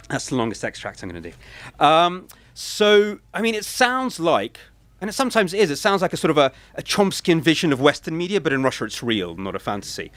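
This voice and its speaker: A man's voice: a little high, very animated, a little fast, fairly bright tone, no echo. A man in his forties giving a talk about his book and reading extracts, hesitant and thoughtful, with many fillers and restarts. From Britain.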